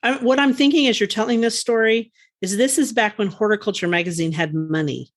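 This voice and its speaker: A woman co-hosting a gardening podcast, chatting casually and enthusiastically, quick to laugh. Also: mid-range voice. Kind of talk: casual chat.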